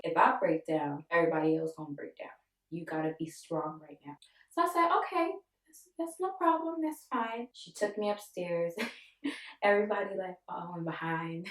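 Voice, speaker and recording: Young woman, lowish voice, emotional storytelling, mic set back in a roomy space. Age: 20s. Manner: emotional, animated retelling with quoted voices. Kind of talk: personal storytelling. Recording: echoey room, voice from a distance.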